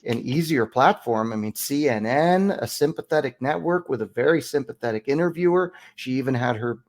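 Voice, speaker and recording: A man's voice: mid-range voice, expressive, brisk. A man hosting a political talk show, speaking casually and sardonically as he puts leading questions to a guest.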